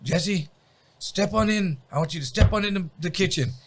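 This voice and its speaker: A man voicing his tough middle-aged father, who speaks slowly and with deliberate menace. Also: high-pitched, noisy background, pitched above the performer's own voice, close to an everyday voice. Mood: menacing.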